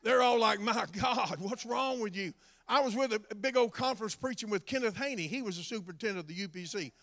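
Male preacher, high and bright-edged, testimony and shouted exhortation. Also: fairly quick. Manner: builds from conversational storytelling to shouted exhortation. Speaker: former drug addict giving testimony. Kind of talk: sermon.

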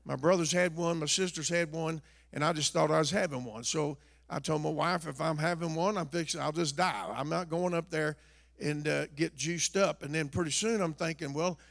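An older pastor delivers a folksy sermon in a high, gravelly voice. He drops to hushed asides, then builds to shouting, stammering on repeated words. His voice rings out with a long echo through the church hall. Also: normal speed.

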